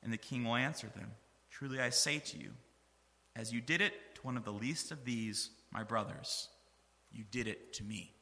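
A man's voice: mid-range voice, moderate pace, bright, forceful tone, echoey room, long reverb tail. A man preaching a sermon, reading scripture aloud with earnest, rising emphasis.

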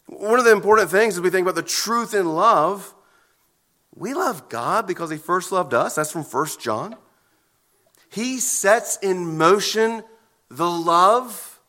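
A man preaching a sermon as pastor, earnest and emphatic, with deliberate pauses between phrases. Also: sits high, bright, forceful tone.

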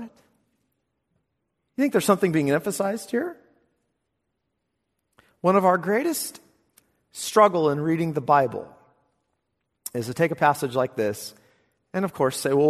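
A man preaching a sermon as pastor, animated, swinging from hushed asides to emphatic declarations. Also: on the high side, long reverb tail.

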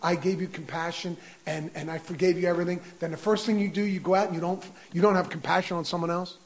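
A man's voice: sits high, fairly even intonation, fast talker. A man voicing a stern master who rebukes a servant for showing no compassion. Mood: reproachful. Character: stern grown male master scolding a servant.

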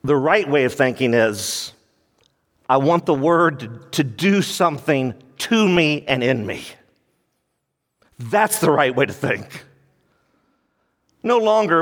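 A man's voice: a little high, big pitch swings, unhurried, pauses often, a bit bright, big-room sound. A male pastor preaching a sermon in an emphatic, conversational way, often repeating himself as he works through a passage.

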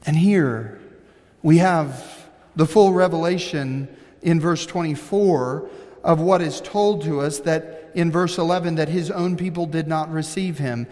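A man's voice: a little high, measured pace, a little mellow, long reverb tail. A man, a pastor, preaching an emphatic sermon and reading scripture aloud with commentary.

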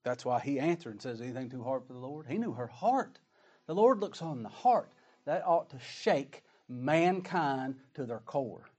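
A man's voice: a little high, lively intonation, unhurried, a little mellow, husky. A man preaching a sermon, reading scripture aloud and asking emphatic rhetorical questions.

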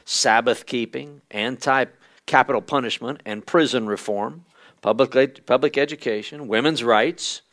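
A man giving a conversational church history lesson at a midweek church service, often pausing with fillers and reading quotations aloud. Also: mid-range voice, fairly bright tone.

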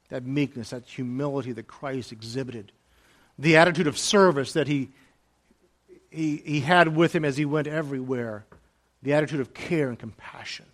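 A man preaching a sermon as pastor, moving between soft, hushed lines and raised, emphatic ones, and repeating key phrases for emphasis. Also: medium pitch, normal speed.

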